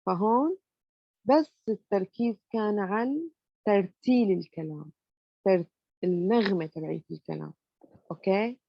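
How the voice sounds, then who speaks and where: A woman's voice: mid-range voice, very fast, creaky, long pauses, dry recording, highs cut off. A woman explaining grammar step by step to students, often checking that they follow. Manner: explains step by step, fills with "you know" and checks understanding with "okay?". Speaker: English grammar lecturer. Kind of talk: explanatory lecture.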